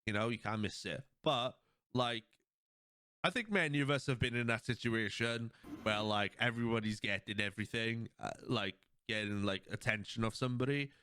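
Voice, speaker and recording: A young man hosting a casual podcast chat, rambling and animated as he retells scenes. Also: medium pitch, moderate pace, smooth, no room sound. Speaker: podcast host.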